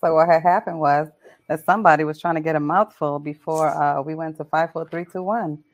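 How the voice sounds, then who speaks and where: A woman's voice: deep voice, steady tone, fairly quick, muffled recording. Sassy woman co-host in playful banter. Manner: playful, sassy, calls people honey and babe. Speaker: radio show co-host. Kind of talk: casual banter.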